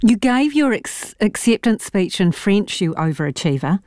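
A woman's voice: medium pitch, big pitch swings, moderate pace, darkish tone, dry recording, studio quality. A woman hosting a radio interview, asking questions in a playful, teasing way. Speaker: radio host. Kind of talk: casual interview.

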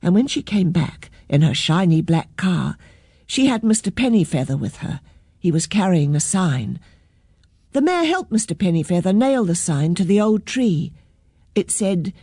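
A woman reading a children's story aloud in a gentle, expressive narrating voice. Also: fairly low pitch, breathy edge, dry recording, clean studio sound.

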